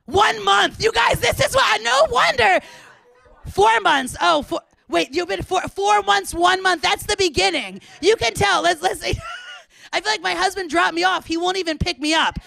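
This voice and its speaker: A woman in her thirties hosting a live club show, loud and excitable, often laughing and chatting with the crowd. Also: very high voice, normal speed, creaky. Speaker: comedian host. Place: small club, indoors.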